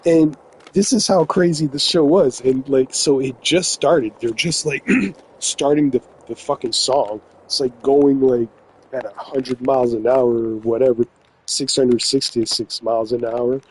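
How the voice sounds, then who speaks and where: A man from New Brunswick tells a story in loose, swearing-heavy chat, laughing often as he rambles. His voice sits at an ordinary middle pitch. A faint hum of background noise runs under it. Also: steady tone, measured pace, rough recording. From New Brunswick, Canada. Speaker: gaming vlogger telling a story. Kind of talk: casual storytelling.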